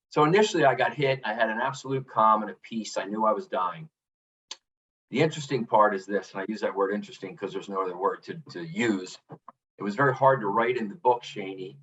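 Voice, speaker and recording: A man's voice: lowish voice, fairly bright tone, far from the mic, dull audio. A middle-aged man, a podcast guest, telling a personal story earnestly and reflectively, often restarting with "you know". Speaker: podcast guest, author and coach. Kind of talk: candid storytelling interview.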